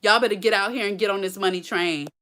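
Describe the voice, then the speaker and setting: A woman coaching viewers on a live stream, energetic and preachy, full of slang and laughter, talking into her phone. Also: mid-range voice, fast talker. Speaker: blogging coach hosting a live Q&A. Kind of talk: casual live-stream talk. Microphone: phone held close.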